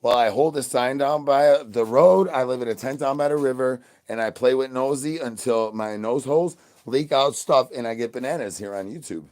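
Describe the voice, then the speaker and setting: A man rambles through a live phone stream in a mid-pitched voice, reeling off crude slang and sing-song rhyming catchphrases. He jumps from loud shouts down to low mutters without warning. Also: moderate pace. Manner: swings between loud bursts and mutters. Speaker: livestream host.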